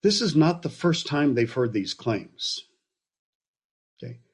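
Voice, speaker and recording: A man teaching a Bible passage in a relaxed, conversational way, often checking in with his listeners with asides. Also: mid-range voice, slow, slightly rough. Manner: relaxed, explaining with frequent okays and asides.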